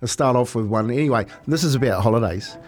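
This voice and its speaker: Teasing kiwi radio co-host. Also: male voice, mid-range voice, fast talker, a little mellow. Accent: New Zealand. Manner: teasing, laughs often. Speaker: radio breakfast show co-host. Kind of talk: casual chat.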